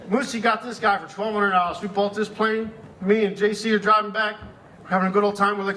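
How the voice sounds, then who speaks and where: A man's voice: sits high, fairly even intonation, fast, sharp tone. A man who has been drinking gives a rambling, profane eulogy for a friend, swearing constantly and chuckling through his stories. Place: memorial gathering.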